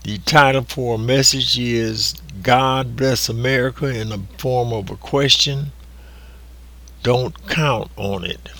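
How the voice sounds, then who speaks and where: Male preacher, recorded sermon; unhurried, deliberate delivery, pressing on words; bright tone. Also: mid-range voice, steady tone. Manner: slow and deliberate, drawn-out emphasis.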